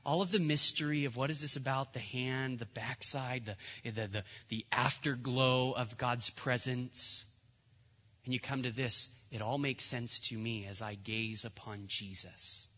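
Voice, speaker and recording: Bright-voiced young preacher in a reverberant hall. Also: male voice, medium pitch, fairly even intonation, unhurried. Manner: earnest, rising to emphatic peaks. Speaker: pastor. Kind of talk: sermon. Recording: dull sound with long hall reverb.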